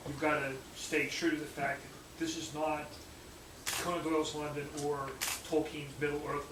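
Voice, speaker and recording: Man asking a rambling question, echoey. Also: fairly high pitch. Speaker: event questioner. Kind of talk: casual question. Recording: echoey room, distant mic, noisy.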